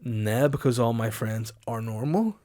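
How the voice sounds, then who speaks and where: A man's voice: mid-range voice, measured pace, warm tone. A young man, co-hosting a podcast in loose, sweary banter, laughing often and mimicking voices. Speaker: podcast co-host. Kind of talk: casual banter.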